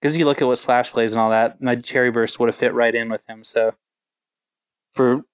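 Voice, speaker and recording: A man in his forties, a touring band guitarist, telling stories in a relaxed, rambling interview with lots of filler words. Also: mid-range voice, normal speed, clean tone, no echo. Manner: rambling, laid-back, full of filler words. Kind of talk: casual interview storytelling.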